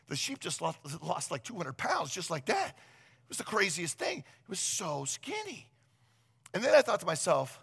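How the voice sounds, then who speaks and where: A man preaching a sermon, telling stories in an animated, conversational way with casual asides. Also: high voice, moderate pace, slightly rough. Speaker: pastor.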